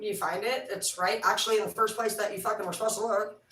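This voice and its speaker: A woman's voice: medium pitch, steady tone, quick pace, a bit bright, distant mic, a little hiss or hum. Rambling, profane woman in a roomy space. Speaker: livestream host. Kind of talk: casual rambling monologue. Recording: roomy, from the mic.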